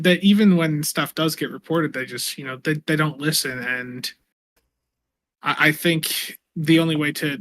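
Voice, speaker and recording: A man's voice: mid-range voice, pushed and bright, a little hiss or hum. A man on a casual podcast panel, earnest and often repeating words as he starts. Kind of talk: casual discussion.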